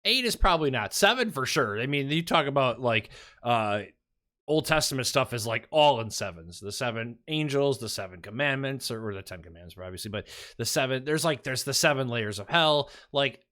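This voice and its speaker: A man's voice: mid-range voice, brisk. Joking man podcaster, swearing freely. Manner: animated, joking, swears freely, slips into silly voices. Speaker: podcast co-host. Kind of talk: casual chat.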